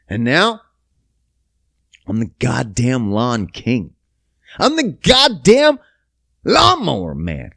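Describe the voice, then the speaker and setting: A man's voice: a little high, creaky, a bit bright, no room sound, clean studio sound. A young man from Canada hosting his own podcast, ranting in a profane, sarcastic way. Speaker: podcast host. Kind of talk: casual solo podcast rant.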